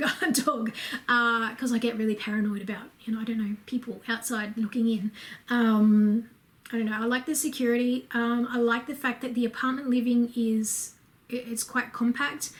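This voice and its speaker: Chatty Australian woman vlogger. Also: on the high side. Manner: chatty and candid, many fillers and asides. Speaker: home and lifestyle vlogger. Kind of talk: casual Q&A chat to camera.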